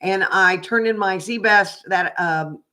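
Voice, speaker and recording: A woman's voice: medium pitch, measured pace, sharp tone. An older woman from Oklahoma, a psychic reader chatting casually on a livestream, rambling with fillers and restarts.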